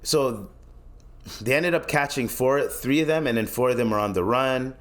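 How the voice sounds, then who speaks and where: A man's voice: medium pitch, moderate pace, a bit bright. A young man from Canada hosting his own podcast, ranting bluntly and profanely in casual solo commentary, often restarting his sentences. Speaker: podcast host.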